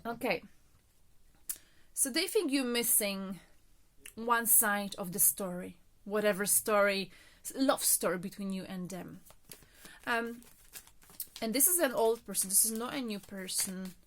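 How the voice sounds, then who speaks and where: A woman's voice: mid-range voice, measured pace, pauses often, fairly bright tone. A woman reading tarot cards in a casual, chatty monologue, a little out of breath, often checking in with "okay?" and filler words. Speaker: tarot reader.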